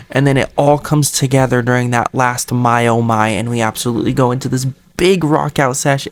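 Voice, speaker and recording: An enthusiastic man talks through his favorite parts of an album in a casual, chatty way. He speaks like an excited fan and adds playful jokes here and there. His voice sits at an ordinary middle pitch for a man. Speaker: music reviewer YouTuber. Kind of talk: casual album review monologue.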